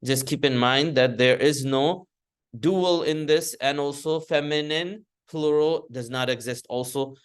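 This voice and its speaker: A man's voice: fairly high pitch, measured pace, clean tone. Patient man teaching a grammar class. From United States. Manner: patient, repeats and reformulates points with many fillers. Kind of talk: classroom lecture.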